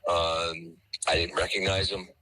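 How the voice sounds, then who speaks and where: A middle-aged man, a former school administrator, interviewed for the news and speaking in a measured way with pauses. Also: low-pitched, flat delivery, bright, forceful tone, slight background noise, rough recording.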